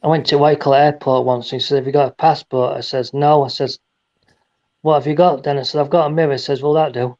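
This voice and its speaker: A man's voice: medium pitch, fairly even intonation, quick pace, a little mellow, dull audio. A man telling rambling jokes and stories in a casual chat, often restarting his sentences. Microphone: phone.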